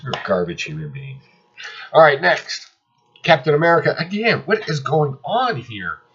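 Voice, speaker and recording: A man's voice: fairly high pitch, huge pitch swings, normal speed, fairly bright tone, husky. A man casually reviewing comic books, ranting sarcastically and exasperatedly about the ones he dislikes. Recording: slightly dull lo-fi audio.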